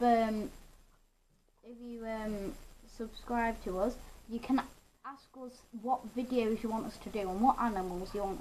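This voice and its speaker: A woman vlogger at home casually showing and explaining her pet toad in a halting, rambling way with many restarts. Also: a little high, a little mellow, slight background noise, rough recording. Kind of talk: casual show-and-tell.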